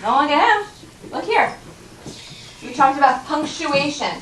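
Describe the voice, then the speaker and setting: A woman's voice: high voice, expressive, measured pace, fairly bright tone. A woman teaching a first grade class, patient and coaxing, modeling reading word by word. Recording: roomy classroom audio from a distance, with background noise.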